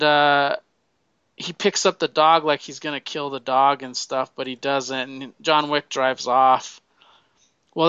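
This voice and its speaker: A man chats casually, telling a film's story in a loose, profane ramble and acting out the characters' lines. His voice sits a little high, bright and clean. The recording is dry and a bit dull. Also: smooth, dry recording. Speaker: movie fan recommending films. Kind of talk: casual chat.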